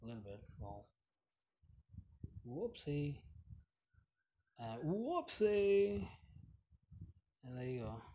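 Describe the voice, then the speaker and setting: A man's voice: mid-range voice, slow pace, pauses often, highs cut off. A man giving casual, rambling commentary while playing a mobile game, chatty and giggly, with many fillers. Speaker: gaming channel host.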